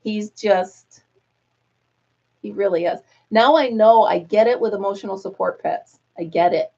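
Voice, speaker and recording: A woman chats casually as host of a live stream, rambling from one story to the next and breaking into laughter. She coos to her dog in between, and her voice sits at a mid pitch on slightly dull, lo-fi audio. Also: a little slow, dark tone. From United States. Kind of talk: casual chat.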